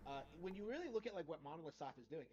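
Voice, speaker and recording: A man's voice: a little high, animated, racing, darkish tone, slight background noise. A man giving opinionated commentary, arguing his case and checking in with tag questions. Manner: argumentative, leans on tag questions. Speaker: video commentator. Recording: dull lo-fi clip with music.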